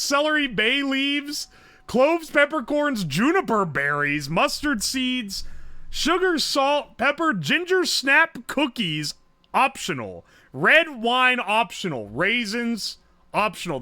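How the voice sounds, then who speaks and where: High, bright-voiced streamer man. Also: dry recording. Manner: swearing, joking, thinking aloud. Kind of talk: casual livestream commentary.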